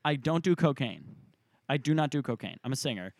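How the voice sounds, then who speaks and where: A man's voice: mid-range voice, fairly quick, vocal fry, dry recording. Earnest young man, dry close sound. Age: 20s. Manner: earnest, animated, laughs often. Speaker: podcast co-host. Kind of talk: casual chat.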